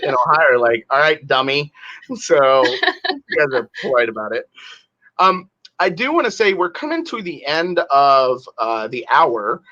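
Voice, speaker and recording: A man's voice: medium pitch, big pitch swings, moderate pace, sharp tone, lo-fi sound. A man from the northern United States hosting a webinar, joking and rambling with lots of fillers. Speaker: webinar host. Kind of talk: casual chat.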